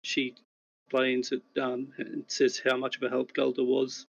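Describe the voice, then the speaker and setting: A man narrating as game master of a tabletop game, describing scenes in a measured way. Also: mid-range voice, monotone, gravelly, dull audio.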